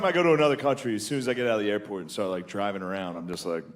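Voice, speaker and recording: A man's voice: on the low side, very fast. A man doing a stand-up comedy set on a handheld mic, crude and casual, often laughing at his own jokes. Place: comedy stage with audience. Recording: noisy live comedy room.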